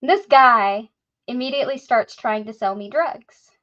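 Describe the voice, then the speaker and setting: Animated woman telling a story. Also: fairly high pitch, moderate pace, highs cut off. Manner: animated, acts out quoted voices. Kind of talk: casual storytelling chat.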